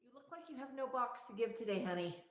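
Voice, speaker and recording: A woman's voice: on the high side, lively intonation, fast talker. A woman hosting a livestream, talking to her pet parrot at home in coaxing, affectionate baby talk. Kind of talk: sing-song pet talk. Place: indoors at home. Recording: echoey room.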